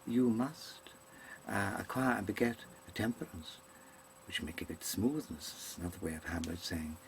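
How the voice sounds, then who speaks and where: This is a man's gravelly, lowish voice at a normal speed, with a bit of hiss or hum audible. Playing to a webcam, the actor delivers a digressive comic monologue in mannered stage diction, stumbling through ums and frequent self-corrections.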